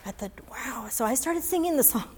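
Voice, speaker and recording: A woman's voice: high-pitched, expressive, brisk, a little mellow, slight background noise. Earnest woman chaplain in a reverberant hall. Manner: earnest, acts out dialogue in her story. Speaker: police chaplain. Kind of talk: inspirational storytelling speech. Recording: long reverb of a large hall.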